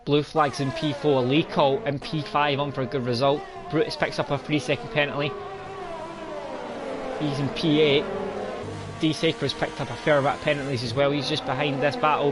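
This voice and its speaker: A man's voice: on the high side, fairly even intonation, normal speed. A man commentating a sim racing league live, often breaking into laughter and disbelieving exclamations. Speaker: race commentator. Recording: music bed and engine noise.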